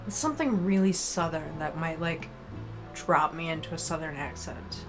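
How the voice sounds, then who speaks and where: A woman's voice: sits low, normal speed, music in the background. A woman streamer giving playful, chatty commentary while reading a game aloud. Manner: playful, chatty, giggly asides.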